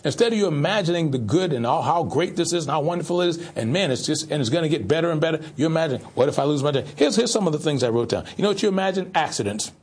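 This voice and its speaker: Husky-voiced preacher man. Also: a little high, lively intonation, rapid-fire, hardly any pauses, darkish tone. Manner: preachy, repetitive, rhetorical questions. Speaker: pastor. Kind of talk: sermon.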